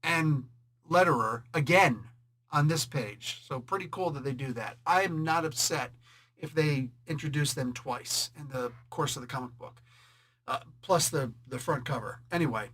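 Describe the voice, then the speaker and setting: A man hosting a casual comic book review, jokey and animated, laughing often and slipping into quick voices to quote characters. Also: a little high.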